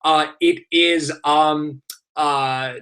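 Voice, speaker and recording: Animated teacher with a New York accent. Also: male voice, on the high side, extremely slow. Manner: animated, explaining with many rhetorical questions. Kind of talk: live online exam review session.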